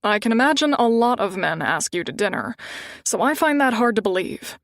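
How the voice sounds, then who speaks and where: A woman's voice: mid-range voice, sing-song, normal speed, vocal fry, dry recording, studio quality. A woman voicing a suave, confident man who talks in an easygoing, teasing way. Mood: playful.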